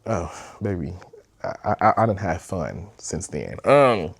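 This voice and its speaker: A man's voice: low voice, big pitch swings, slow, gravelly. Young man telling a candid storytime. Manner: candid, rambling, swears freely. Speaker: podcast host. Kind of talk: casual storytime.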